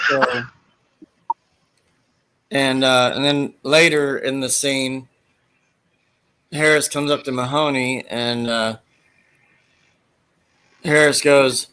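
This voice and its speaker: A man's voice: mid-range voice, steady tone, slow, long pauses, sharp tone. A man hosting a casual chat, rambling as he retells movie scenes and acts out the quoted lines.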